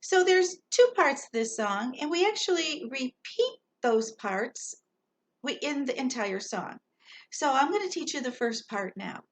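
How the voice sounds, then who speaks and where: A woman's voice: high voice, lively intonation, slight background noise. A woman leading a Sunday school class, patiently teaching a children's song line by line with a ukulele on a dull, lo-fi recording. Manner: slow, patient, sings lines then talks through them. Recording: dull lo-fi sound with loud ukulele.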